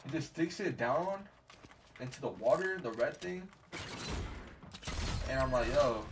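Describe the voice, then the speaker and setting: A young man streaming a game and telling a rambling story in casual slang, laughing at himself and acting out quotes loudly. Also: mid-range voice, lively intonation, measured pace. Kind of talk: casual storytelling while gaming. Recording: distant mic with faint background noise.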